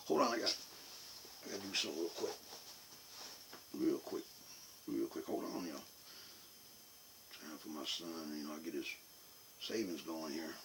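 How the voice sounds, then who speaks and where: A man's voice: very deep voice, gravelly, background noise. A man telling a comic story in a rambling, folksy, repetitive way. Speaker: vlogger.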